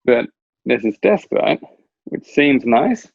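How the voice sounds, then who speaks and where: A man's voice: medium pitch, big pitch swings, takes it slowly, gravelly, breathy edge, no echo, narrow, tinny audio. A man chatting casually as a guest over a video call, rambling through stories and laughing at his own anecdotes. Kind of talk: casual chat.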